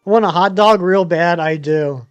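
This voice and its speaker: A man in his thirties talks loosely to his viewers, drifting between topics and filling gaps with ums. His voice sits high for a man. Soft music plays faintly behind him. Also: moderate pace, clean tone, muffled recording. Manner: rambling, chatty, many ums and uhs. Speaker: game streamer. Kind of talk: casual live-stream chat answering viewers.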